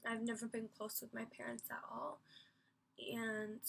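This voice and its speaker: A woman's voice: on the high side, completely flat delivery, a little slow, vocal fry, fairly bright tone, a little hiss or hum. A woman vlogger telling a personal story in an emphatic, rambling way, full of fillers and casual swearing.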